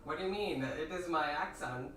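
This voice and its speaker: A man calling in on voice chat with a bright, somewhat high voice. He teases and jokes in casual banter. His audio sounds roomy and echoey, with faint music underneath. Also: normal speed. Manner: teasing, playful. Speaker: friend on voice chat.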